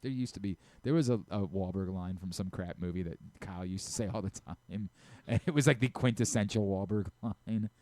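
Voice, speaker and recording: A radio host with a Baltimore accent, ranting animatedly in casual sports banter and laughing often. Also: male voice, sits low, brisk, dark tone, no echo. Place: radio studio.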